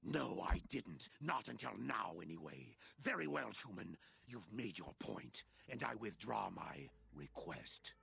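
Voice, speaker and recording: A man's voice: fairly low pitch, expressive, unhurried, creaky, hardly any pauses, sharp tone, husky, full character voice. An actor playing a menacing male mutant in a video game, cold and threatening under a formal politeness. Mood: grudging.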